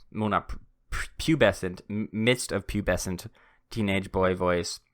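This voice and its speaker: A man's voice: lowish voice, a bit bright. A young man hosting a podcast, telling a story casually with self-deprecating humor and acting out both sides of a conversation. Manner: self-deprecating, acts out both sides of the exchange, stumbles and restarts. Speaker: podcast host.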